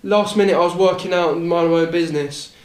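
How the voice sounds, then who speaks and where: A man's voice: fairly high pitch, steady tone, fast, roomy sound. A young man on a casual podcast, telling a rambling story, repeating words and swearing casually. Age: young adult. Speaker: podcast host.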